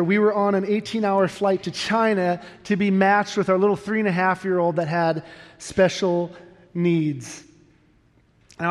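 A middle-aged man preaching a sermon, telling a personal story candidly and earnestly, with self-deprecating humor. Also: high-pitched. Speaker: pastor. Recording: long reverb of a large hall.

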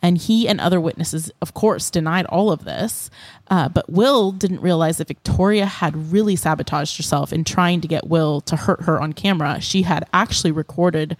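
Woman podcast co-host, low register, dry close mic, chatty storyteller. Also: normal speed, no room sound. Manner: animated storyteller with many fillers. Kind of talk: casual true-crime chat.

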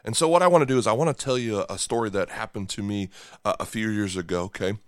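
Male pastor, middle-aged, lowish voice, dry close mic; dynamic sermon delivery with sudden quiet drops and repeated phrases. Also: quick pace, no room sound. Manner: checks in with the audience with "right?" and "okay?".

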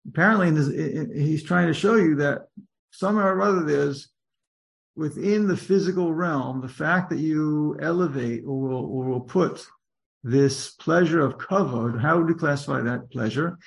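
A rabbi teaches a study group in a loose, conversational lecture. His slightly high voice has a gravelly edge, and he keeps restarting sentences and asking rhetorical questions as he works through the text. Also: moderate pace. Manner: thinks aloud with many restarts and rhetorical questions.

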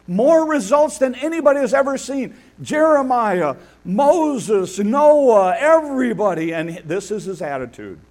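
A man preaching a sermon, animated, acting out the biblical figures he tells about with a laugh now and then. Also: sits high. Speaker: pastor.

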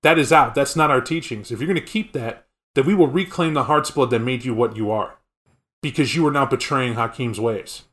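A man's voice: mid-range voice, a little fast, a bit bright. A man co-hosting a casual podcast, explaining tabletop game lore in a rambling, conversational way. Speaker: podcast co-host.

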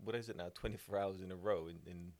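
A man's voice: low voice, fairly even intonation, quick pace, a little mellow, no room sound. A man from the Netherlands with a Dutch accent, co-hosting a podcast, chatty and laughing, often trailing off mid-sentence. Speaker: podcast co-host. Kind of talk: casual chat.

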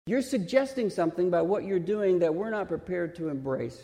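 A man preaching a sermon, originally from Texas, asking the listeners questions and slowing down to stress his points. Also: high voice, animated, warm tone. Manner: questioning, emphatic, slows for stress. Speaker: pastor. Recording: reverberant hall.

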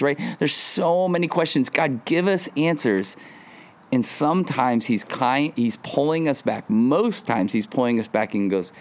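A man preaching a sermon as pastor, earnest, rising into high pleading lines and dropping to quiet, hushed words. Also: very animated, measured pace, vocal fry. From Southern California. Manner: earnest, rising to high emphatic pleas, dropping to soft near-whispers.

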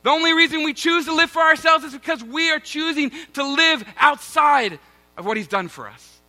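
A man's voice: very high-pitched, normal speed, pushed and bright. A man in his thirties, a pastor, giving a sermon with a self-mocking personal story and chatty asides to the congregation. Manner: self-mocking, conversational, addresses congregation as guys.

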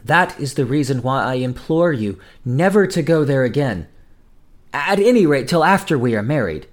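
A man's voice: mid-range voice, big pitch swings, moderate pace, voice pushed up, lightly acted. A man voicing a frightened young woman in a storybook tale, pleading and trembling as she speaks. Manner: tremulous, pleading.

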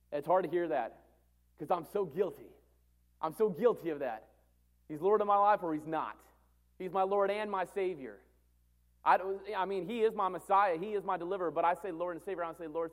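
High-voiced man preaching with big swings. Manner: animated, swings between loud emphatic calls and quiet asides. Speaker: pastor. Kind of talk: sermon.

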